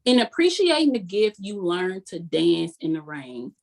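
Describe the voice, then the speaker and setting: A woman life coach giving a motivational talk in a folksy, sermon-like way, repeating key phrases slowly for emphasis. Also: lowish voice, very animated, vocal fry, darkish tone. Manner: folksy and sermon-like, calls the audience "y'all" constantly.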